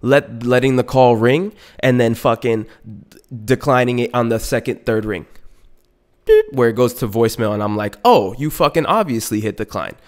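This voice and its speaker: A male podcast host rants through a story in a loose, casual way. He swears constantly, restarts sentences and goes off on asides. His voice sits in an ordinary middle pitch. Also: normal speed, clean tone. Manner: profane, animated, frequent restarts and asides.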